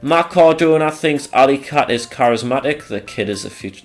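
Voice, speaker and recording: Sarcastic guy with a lively voice. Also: medium pitch, normal speed, hardly any pauses, soft background music. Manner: sarcastic, rambling, swears freely. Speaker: channel host. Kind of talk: casual commentary over a wrestling sim game.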